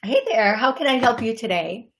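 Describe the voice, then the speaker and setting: A woman's voice: a little high, lively intonation, normal speed, a bit bright. A woman hosting a live call-in show as a psychic medium, chatting casually and greeting viewers by name in short bursts full of fillers and restarts.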